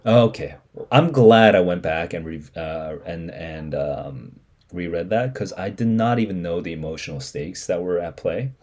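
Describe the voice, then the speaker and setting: Husky, lively man explaining a story. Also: sits low, unhurried. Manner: thinking aloud, explanatory, many fillers and restarts. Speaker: reader explaining a short story. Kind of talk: live reading reaction.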